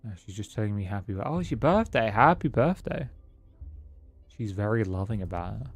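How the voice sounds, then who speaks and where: A man's voice: on the low side, sing-song, a little fast, soft background music. A man streaming a game, chatting casually and reading game lines aloud. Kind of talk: casual gameplay commentary.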